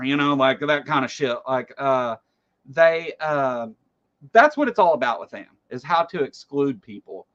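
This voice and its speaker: A man hosting casual political commentary, animated and rambling, with lots of fillers and swearing. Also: medium pitch, normal speed, highs cut off.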